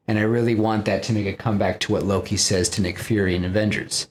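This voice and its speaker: A man hosting a podcast, casually pitching a film story in a rambling way, full of fillers. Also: steady tone, fast talker, hardly any pauses. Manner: rambling, many fillers like "you know".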